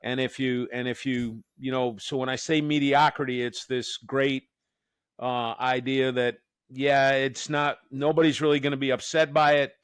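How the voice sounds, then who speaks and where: A man's voice: medium pitch, level tone, normal speed, clean tone, no echo. A man from the Northeastern US hosting a podcast as a professor, joking and rambling with many restarts. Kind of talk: casual podcast chat.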